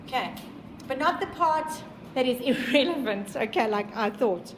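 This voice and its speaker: South African woman teacher, high voice, emphatic and repetitive, lecturing a class. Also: expressive, normal speed, roomy sound, background noise. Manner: emphatic, repeats points, quizzes the class.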